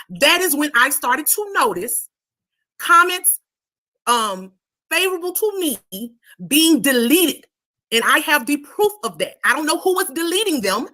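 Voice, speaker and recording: Casting: high, bright woman, firm and insistent live-stream panelist. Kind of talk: heated live-stream argument.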